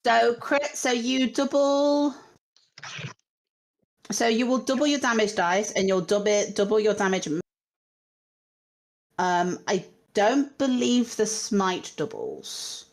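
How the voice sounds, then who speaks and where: A woman's voice: on the high side, sing-song, slow pace, gravelly, long pauses. A woman acting as game master of a tabletop game, narrating and thinking aloud through the rules.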